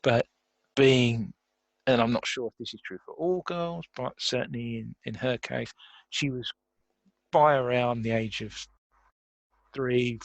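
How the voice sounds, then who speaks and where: A man's voice: mid-range voice, measured pace, creaky, long pauses, no echo. A man, a guest in a podcast interview, talking reflectively and laughing often. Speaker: guest, career coach.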